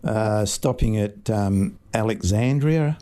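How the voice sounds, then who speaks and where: A man in his sixties with an Australian accent, a fish market owner telling relaxed stories in a casual interview. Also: lowish voice, slow pace. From Scotland. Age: 60s. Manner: relaxed anecdotal storytelling.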